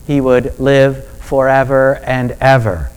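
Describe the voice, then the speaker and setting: A man preaching a sermon in a measured, deliberate way that builds to emphatic peaks. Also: mid-range voice, little pitch movement, darkish tone, smooth, low-quality recording. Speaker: pastor.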